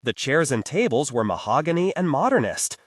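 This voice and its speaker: A man narrating a superhero fantasy audiobook in an expressive, varied delivery. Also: medium pitch, fairly quick, dry recording. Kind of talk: scripted narration.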